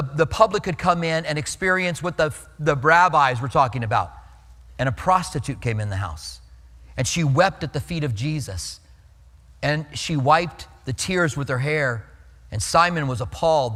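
A man preaching in a church with a bright, forceful, slightly high voice. He tells the stories earnestly and often stumbles over repeated words before a line. His voice rings out with a long reverb through a large sanctuary. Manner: earnest storytelling, repeats words when starting lines. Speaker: pastor. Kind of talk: sermon.

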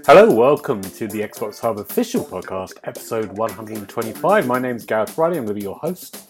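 A man hosting a casual podcast chat, jokey and upbeat, quick to laugh. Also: lowish voice, sing-song, music in the background. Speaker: podcast host.

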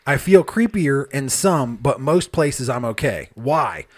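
A man with a medium-pitched, sing-song voice hosts a paranormal podcast, reading listener emails slowly. His manner is loose and joking, and he swears freely while sipping beer as he talks.

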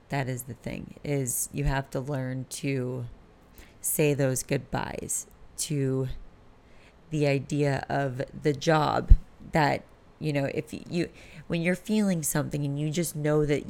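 A woman's voice: very deep voice, steady tone, takes it slowly, creaky, darkish tone. A woman in her late twenties hosting a candid, rambling late-night solo podcast, swearing freely. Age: late 20s. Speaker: podcast host.

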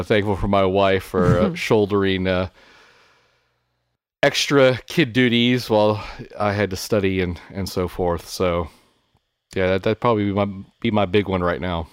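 Very deep, smooth-voiced halting man. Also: dry recording, clean studio sound. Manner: halting, many "uh" fillers. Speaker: podcast co-host. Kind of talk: casual chat.

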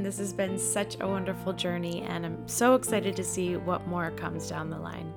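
A woman's voice: lowish voice, steady tone, normal speed, creaky, hardly any pauses, music in the background. A woman hosting a podcast, bubbly and enthusiastic as she opens the episode and interviews her guest. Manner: bubbly, enthusiastic, warm toward listeners. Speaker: podcast host. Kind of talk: upbeat podcast intro and interview.

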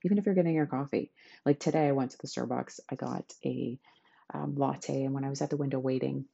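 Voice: mid-range voice, fairly even intonation, quick pace, gravelly, mellow, slightly rough, highs cut off. A podcast host giving a chatty, enthusiastic self-help talk to listeners.

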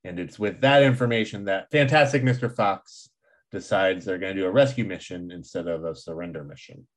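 A man's voice: sits low, a little fast. A man co-hosting a podcast, recapping a film plot in casual chat and laughing often. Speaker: podcast co-host.

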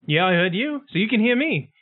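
A man's voice: high-pitched, sing-song, fairly quick, dry recording. A man with a put-on New Zealand accent, playing a tabletop game in character with jokes and laughs. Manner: jokey, laughing often. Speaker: player. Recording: tinny phone-like line.

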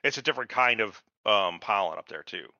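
A man's voice: on the low side, expressive, a little fast, vocal fry, bright, forceful tone, no echo, highs cut off. A man hosting a casual podcast, ranting with sarcasm and heavy swearing. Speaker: podcast host.

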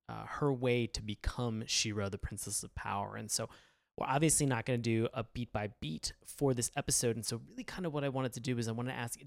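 A man's voice: mid-range voice, no room sound, clean studio sound. A man hosting a podcast, earnestly steering the conversation between co-hosts. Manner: earnest, guiding the discussion. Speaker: podcast host. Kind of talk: casual chat.

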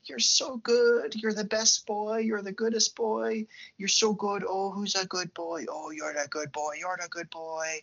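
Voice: medium pitch, flat delivery, measured pace, vocal fry, hardly any pauses, fairly bright tone, voice pushed up. A podcast co-host voicing a doting, unhinged mother who coos baby talk over her son, on dull lo-fi audio. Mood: cooing, doting. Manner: sing-song baby talk.

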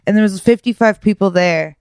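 A woman's voice: medium pitch, darkish tone, clean tone, dry recording, studio quality. A woman co-hosting a podcast in loose, casual chat, drawing out her words and laughing often. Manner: giggly, drawn-out, loose delivery. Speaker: podcast co-host.

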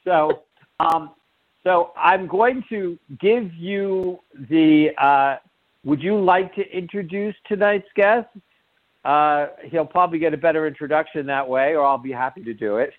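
A man's voice: on the high side, a little slow, no echo, phone-quality sound. A man hosting a live call-in radio show, joking and rambling with lots of fillers.

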